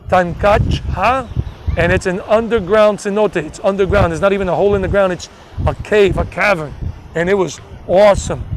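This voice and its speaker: A man's voice: sits high, a little hiss or hum, rough recording. A man in his forties with a mixed Southern and New York American accent, chatting casually and rambling on a live travel stream from outdoors near a beach. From United States. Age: 40s. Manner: chatty, rambling, self-promoting. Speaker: travel vlogger.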